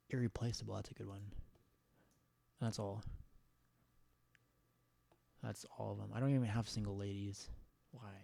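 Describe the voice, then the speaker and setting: A laid-back man hosts a casual live chat, his voice low and mellow with a gravelly fry. He stammers and laughs easily as he talks over a dry, close recording. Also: no echo. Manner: relaxed, stammering, laughs often. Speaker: livestream host taking callers.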